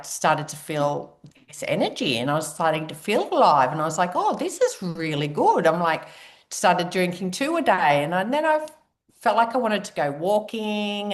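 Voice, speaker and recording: Chatty woman telling her story. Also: on the low side. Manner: chatty, animated storyteller acting out her own reactions. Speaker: guest speaker. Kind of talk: personal story talk.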